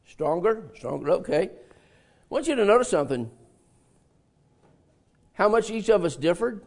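Gravelly high-voiced preacher man. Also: big pitch swings, moderate pace. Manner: interactive, asks congregation and repeats answers; folksy storytelling with laughs. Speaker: pastor. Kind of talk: sermon.

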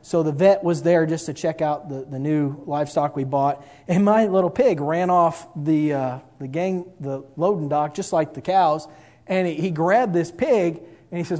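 A man's voice: fairly high pitch, moderate pace, darkish tone. A middle-aged man, telling a folksy, self-mocking personal story with a moral.

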